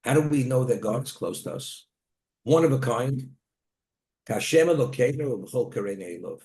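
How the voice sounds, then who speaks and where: A man's voice: medium pitch, expressive, normal speed, darkish tone. A man, a rabbi, teaching a Torah class, telling stories and weaving in Hebrew terms. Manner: storytelling, Hebrew terms woven into plain talk. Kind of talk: Torah lecture. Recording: echoey room.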